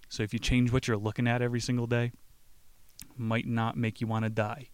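Male host, casual, profane, jokey; mid pitch, dry close sound. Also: level tone, a little fast, clear, resonant tone, no echo. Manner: profane, joking, laughs often. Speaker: podcast host. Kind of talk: casual book-summary talk.

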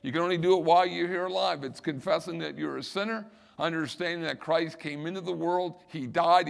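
A man's voice: fairly high pitch, gravelly. A middle-aged male pastor preaching a sermon, building emphasis and repeating key phrases.

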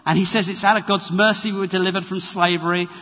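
Husky preacher in a church. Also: male voice, sits high, fast talker. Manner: conversational, animated preaching with dramatized quotes. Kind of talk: sermon. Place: church hall. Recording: reverberant, dull lo-fi church recording.

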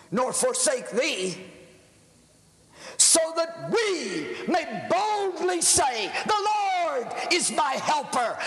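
A male preacher voicing a desperate village pastor crying out in prayer, pleading and rising to shouts, in a hall with a long reverb. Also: very high-pitched, heavily acted. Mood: solemn.

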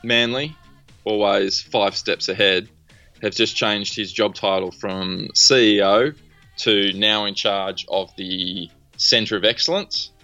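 A man's voice: on the low side, fairly even intonation, slow, bright, forceful tone, dry recording, highs cut off, faint music behind. A man with an Australian accent co-hosting a casual podcast chat, wry and laid-back, with many fillers. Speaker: podcast co-host.

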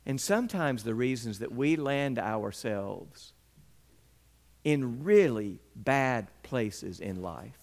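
Animated male preacher. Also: medium pitch, slow, gravelly. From Mississippi, US. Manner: animated storyteller who acts out scenes with sound effects. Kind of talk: sermon with personal storytelling.

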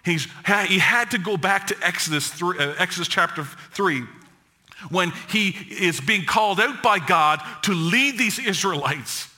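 Bright-voiced, dramatic male preacher. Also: animated, unhurried. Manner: dramatic preaching, drops low and soft for quoted words of God; joking with the congregation. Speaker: pastor. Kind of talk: sermon.

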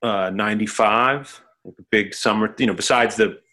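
A middle-aged man, a musician and producer, talking as a guest in a casual interview, halting with many fillers. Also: fairly low pitch, sharp tone.

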